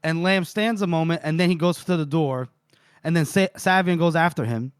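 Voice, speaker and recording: A man's voice: fairly high pitch, moderate pace, clean tone, no echo. A man retelling a novel with relish, in a dry close sound. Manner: animated retelling, reading out and voicing quotes. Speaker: podcast co-host. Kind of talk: casual book-recap chat.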